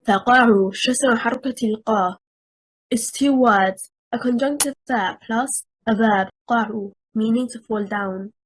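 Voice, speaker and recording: A woman trainer giving a scripted lecture on Quranic stress, speaking in a measured, deliberate way and repeating example words with different stresses. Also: on the high side, a little hiss or hum, rough recording.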